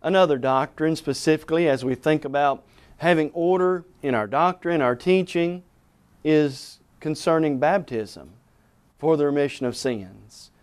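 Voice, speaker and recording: A man's voice: on the high side, a little slow, clean tone. A man preaching a televised sermon, emphatic, quoting scripture and asking rhetorical questions.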